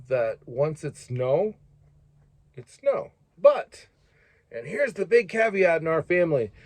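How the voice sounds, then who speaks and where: A man's voice: fairly high pitch, a little mellow, no room sound. A man giving earnest, emphatic fatherly life advice in a casual monologue.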